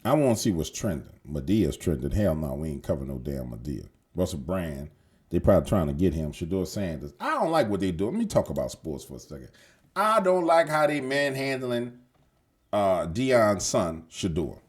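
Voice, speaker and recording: A man's voice: sits low, big pitch swings, moderate pace, husky. A man hosting casual news commentary, slangy and emphatic, swearing and repeating himself as he rambles. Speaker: show host.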